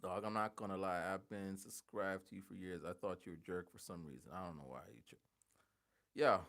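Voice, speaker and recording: A man in his forties chatting casually on a livestream, rambling and halting, thinking aloud with many restarts. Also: deep voice, vocal fry, fairly bright tone. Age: 40s.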